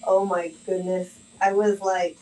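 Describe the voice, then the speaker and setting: A woman casually telling animated, rambling stories and laughing through them, her speech full of "like.". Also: medium pitch, unhurried, distant mic, rough recording. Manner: animated storyteller, lots of "like" and laughing asides. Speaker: client chatting during tattoo. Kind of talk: casual chat, storytelling.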